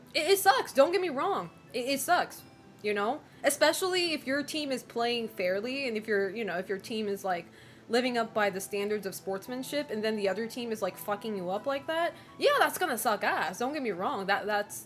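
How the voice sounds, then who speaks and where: Woman streamer, casual rambling chat, fairly high voice, light music under her. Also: a bit bright. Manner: rambling, swearing, laughs often.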